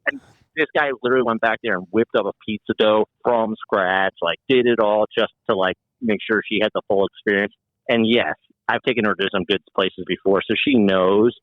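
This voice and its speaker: Low-voiced man telling stories. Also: brisk, no room sound, narrow, tinny audio. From New Jersey and New York City. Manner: animated storyteller, acts out quoted voices, swears freely. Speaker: guest musician. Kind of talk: casual podcast chat.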